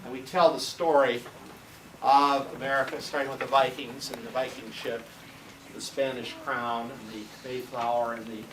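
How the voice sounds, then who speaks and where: A man's voice: medium pitch, flat delivery, normal speed. An older man, a retired history teacher, telling long rambling anecdotes on a school tour and acting out the voices of the people in them. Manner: rambling anecdotal storyteller, acts out quoted voices. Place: school classroom, indoors. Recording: roomy, distant, noisy camcorder sound.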